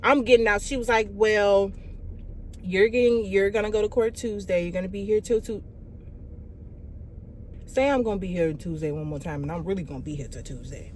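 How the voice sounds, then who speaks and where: A young woman tells a storytime vlog, cursing freely and leaning on "like" and "y'all". Her pitch sits in a middle range, and a faint hiss of background noise sits under the voice. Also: normal speed, long pauses. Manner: animated, profane, fillers of "like" and "y'all". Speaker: vlogger.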